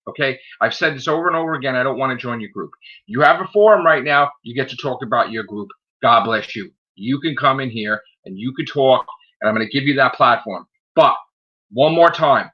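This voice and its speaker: A man hosting his own live stream, ranting heatedly with constant swearing and repeating "okay?" after his points. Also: mid-range voice. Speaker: channel host. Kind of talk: angry live-stream rant. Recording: dull lo-fi stream audio.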